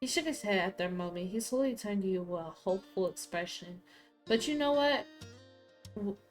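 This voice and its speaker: A woman streaming a story game, reading its text aloud and breaking into loud, profane outbursts. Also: medium pitch. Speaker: gaming streamer.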